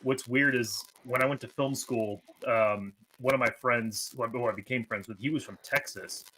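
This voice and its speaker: A man's voice: mid-range voice, fairly even intonation, moderate pace, pushed and bright, rough recording. A man telling a reflective story in casual chat, with plenty of fillers.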